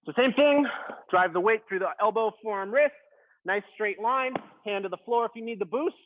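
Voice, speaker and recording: At a moderate pace, a high-voiced man instructs a beginner workout, easygoing and encouraging despite straining through a plank. His voice comes across tinny, as through a phone.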